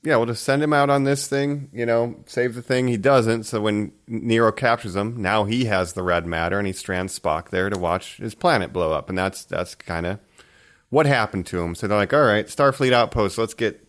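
A man's voice: on the low side, moderate pace. A man co-hosting a podcast, recapping the plot in a laid-back way with casual swearing. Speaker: podcast co-host. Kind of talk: casual movie review chat.

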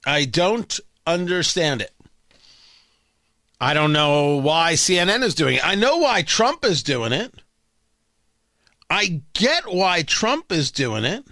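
A man's voice: a little high, big pitch swings, takes it slowly, pauses often, pushed and bright, dry recording. A man hosting a talk radio show, delivering a brash, sarcastic opinion monologue full of rhetorical questions into a studio microphone.

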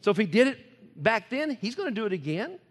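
A man preaching a sermon in a folksy, chuckling way, swinging between loud exclamations and quiet asides. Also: high voice, sing-song, brisk, slightly rough, big-room sound. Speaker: pastor.

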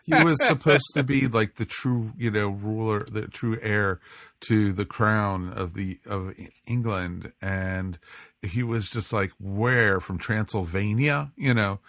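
A man co-hosting a casual review podcast, talking in an animated, jokey way. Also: on the low side, a little slow, no room sound, studio quality. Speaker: podcast co-host.

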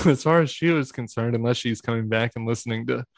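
A man's voice: medium pitch, brisk, vocal fry, dry recording, studio quality. A man in his thirties, a podcast guest, talking in a rambling, self-deprecating casual chat.

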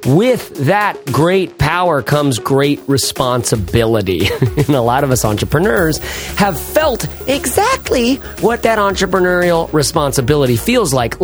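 Upbeat man hosting, with rhetorical questions. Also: a little high. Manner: rhetorical, keeps asking "right?" and "why?"; playful, hams it up. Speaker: podcast host. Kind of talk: casual energetic podcast monologue.

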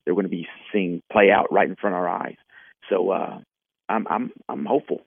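Gravelly pastor on a tinny phone line. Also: male voice, low voice, fairly even intonation, no room sound. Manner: hopeful, measured, with fillers. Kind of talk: faith podcast conversation.

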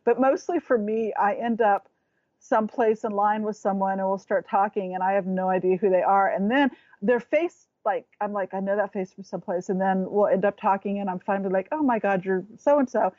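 A woman's voice: mid-range voice, steady tone, a little fast, dry recording, lo-fi sound. A woman talking as a guest in a casual chat, rambling and restarting as she searches for words.

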